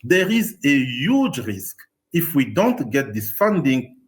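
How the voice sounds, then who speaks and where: A man's voice: mid-range voice, sing-song, slow. A man speaking as a public health official, earnest and warning.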